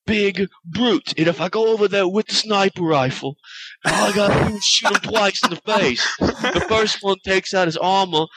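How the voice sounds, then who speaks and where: A man's voice: sits high, moderate pace, pushed and bright, no echo, pitched above the performer's own voice, heavily acted, rough recording. A man voicing a boastful Australian bloke with a put-on Australian accent, explaining a sniper move step by step. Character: brash Australian bloke boasting about sniping.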